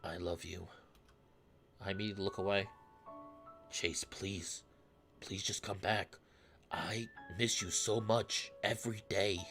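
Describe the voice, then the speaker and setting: A man voicing a broad, wistful young man who quietly pleads with his ex to come back, read in a soft, subdued way. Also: deep voice, steady tone, a little slow, pauses often, voice pushed down. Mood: pleading. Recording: faint music underneath.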